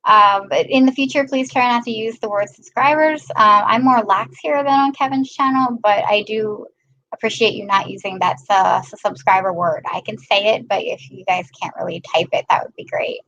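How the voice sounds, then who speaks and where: A woman's voice: mid-range voice, moderate pace, creaky, fairly bright tone, muffled recording. A woman hosting a casual live stream, chatting and greeting viewers by name. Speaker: live-stream host filling in.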